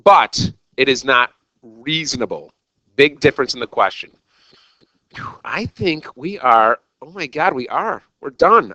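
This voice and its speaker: A man's voice: mid-range voice, lively intonation, a little slow, bright, forceful tone, dry recording, rough recording. A man teaching a recorded algebra lesson, talking straight to his students in an exuberant, jokey, self-mocking way. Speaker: math teacher.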